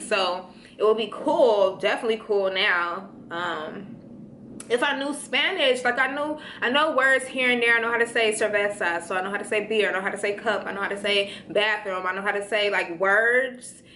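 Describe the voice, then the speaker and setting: A woman's voice: medium pitch, pushed and bright, reverberant, slight background noise. A young woman from Chicago chatting casually with viewers, slangy and playful, answering their questions. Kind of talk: casual chat.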